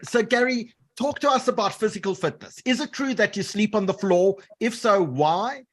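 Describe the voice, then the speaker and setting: A man hosts a talk-show interview. His voice sits high, and he frames his questions in a measured way, repeating words as he goes. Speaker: host.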